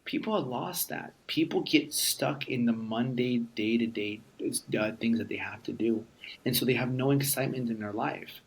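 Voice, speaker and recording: A man's voice: medium pitch, moderate pace. A man in his thirties, a podcast guest in casual conversation, telling stories emphatically and swearing freely. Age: 30s. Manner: emphatic, profane storyteller.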